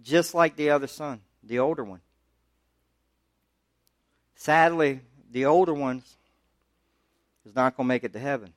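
Male pastor, mid pitch, conversational preacher who climbs in pitch to drive points home, close dry mic. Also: a little slow, pauses often, no echo. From United States. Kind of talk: sermon.

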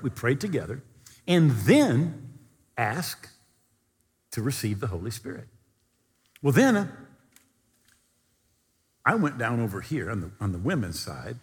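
A man preaching a storytelling sermon, animated and at times near-shouting. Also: medium pitch, breathy edge, in a large hall.

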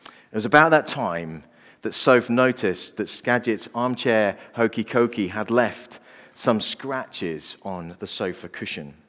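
A man's voice: on the low side, animated, slow, a bit bright. A man, preaching a sermon as a pastor and telling personal stories earnestly. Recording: long reverb of a large hall.

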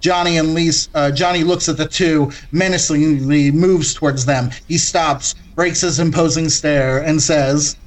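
Brief: deadpan comic narrator recapping a horror film, slightly high voice. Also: male voice, unhurried, few pauses. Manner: deadpan narration with laughs, self-correcting. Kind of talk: comedic retelling of a horror film.

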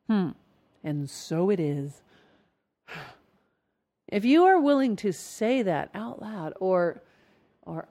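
A woman coaching her listeners through a relaxed self-help lesson at a middling pitch. She talks to them directly and asks question after question. When she acts out the inner voices she shifts her tone. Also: slow pace, long pauses. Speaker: self-help coach leading a trance series.

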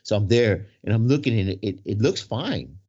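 A man's voice: fairly low pitch, lively intonation, moderate pace, warm tone, breathy edge. A man telling a long personal story in casual conversation, rambling and checking in with "right?" as he goes. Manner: rambling, full of "right?" and restarts. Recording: dull lo-fi sound.

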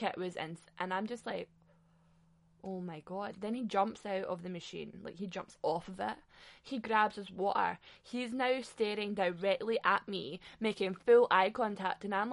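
Chatty, foul-mouthed woman telling a story. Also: mid-range voice. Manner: animated, chatty, swears a lot; frequent filler "like". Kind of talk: casual comedic anecdote.

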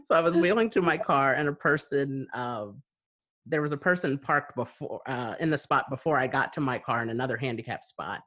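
A woman telling stories in casual chat, laughing often and quoting people with a lively voice. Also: a bass voice, brisk.

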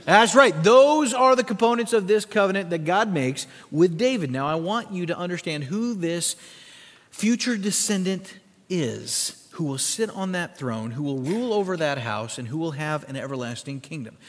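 A man preaching a sermon, emphatic, swinging between quiet low stretches and loud peaks, leading the congregation through scripture. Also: expressive, normal speed. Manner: asks the congregation to repeat words and follow in their Bibles. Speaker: pastor. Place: church sanctuary. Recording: long reverb of a large church hall.

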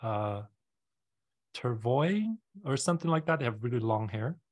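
A man's voice: mid-range voice, animated, a little slow. A man hosting a casual podcast interview, explaining at length with many fillers and restarts. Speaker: podcast host.

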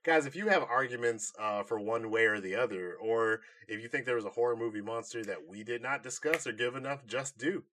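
A man co-hosting a podcast in casual chat, animated and laughing often. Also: medium pitch, a little fast, few pauses, noisy background. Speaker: podcast co-host.

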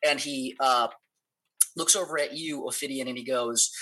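A man narrates a tabletop game as its game master, his voice bright and a little husky. He rambles through the action with plenty of fillers and restarts. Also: mid-range voice, normal speed, low-quality recording.

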